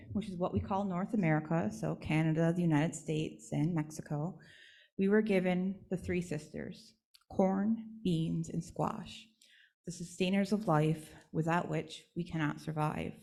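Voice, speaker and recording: A woman's voice: on the low side, normal speed, gravelly, a little mellow. A woman speaker at a church service, telling a traditional legend in an instructive, storytelling way.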